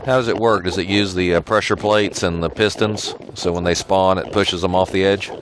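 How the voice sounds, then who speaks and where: A man's voice: low voice, steady tone, moderate pace, noisy background. A man hosting a casual game tour, asking easygoing questions and chuckling along. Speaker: video host.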